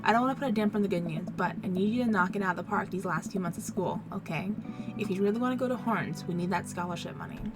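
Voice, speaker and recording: A woman reading the lines of a gentle, doting middle-aged single father from a dating game, in her own mid-pitched voice. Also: fast, music in the background, lightly acted. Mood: gentle fatherly. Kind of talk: reading game dialogue aloud.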